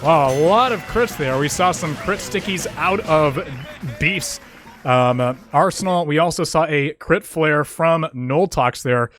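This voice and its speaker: A man giving steady, analytical color commentary as an esports caster, leaning on fillers. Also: fairly high pitch, a little slow, no echo, faint music behind. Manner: steady explaining, many fillers like kinda.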